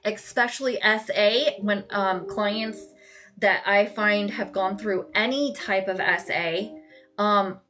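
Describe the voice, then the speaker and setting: A woman's voice: mid-range voice, takes it slowly, fairly bright tone, faint music behind. A woman coaching viewers on a live stream, talking casually and bluntly, swearing freely and speaking straight to her audience. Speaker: somatic coach hosting a live session.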